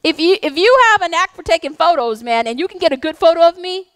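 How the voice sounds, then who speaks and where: High-voiced intense woman pastor preaching. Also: quick pace, a little hiss or hum. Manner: intense, animated preaching with playful asides. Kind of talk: sermon. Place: church sanctuary.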